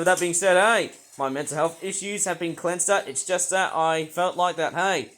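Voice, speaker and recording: Grumpy vlogger ranting away, rambly, keeps restarting, yells now and then. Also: medium pitch. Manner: grumpy, ranting, bursts into shouting; rambling, repeats and restarts often. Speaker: toy review vlogger. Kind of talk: ranting commentary vlog.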